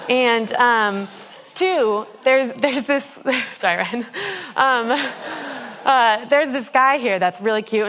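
A woman's voice: a little high, a bit bright, slight background noise. A woman in her twenties sharing a personal faith testimony in an earnest, rambling way, with many ums and restarts. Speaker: speaker giving a personal testimony. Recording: long hall reverb.

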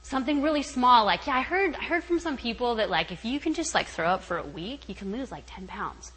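A young woman as guest speaker telling a story, animated, acting out her own thoughts with shouts and laughs. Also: on the high side, fairly quick, slightly rough. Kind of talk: storytelling talk. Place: camp meeting hall. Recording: long hall reverb, faint ambience.

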